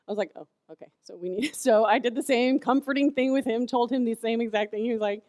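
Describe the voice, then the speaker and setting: A fairly high-pitched woman talks at a quick pace with no echo. She's a youth speaker in her thirties, giving kids a chatty sermon built on animated stories and plenty of "like."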